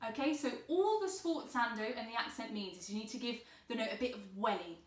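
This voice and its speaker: In an online cello lesson for beginners, a woman with a voice on the high side speaks a little fast. She offers patient, encouraging guidance step by step, and the distant mic gives a roomy sound along with the cello.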